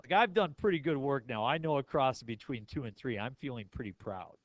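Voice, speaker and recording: A man teaching a math class in a relaxed, joking way, tossing questions to his students. His voice sits at an ordinary middle pitch. The sound is dry and close, with no echo. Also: fairly quick, muffled recording. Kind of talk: classroom lecture.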